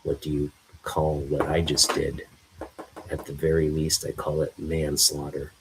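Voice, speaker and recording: A man's voice: extremely low pitch, completely flat delivery, a little slow, background noise. A man as a blunt armored hero. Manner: blunt, accusing. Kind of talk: reading a comic aloud.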